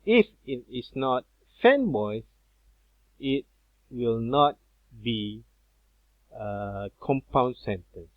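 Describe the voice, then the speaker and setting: A man teaching a grammar lesson, explaining slowly and repeating himself with many fillers. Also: medium pitch, animated, no room sound. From Malaysia. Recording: dull, dry lo-fi recording.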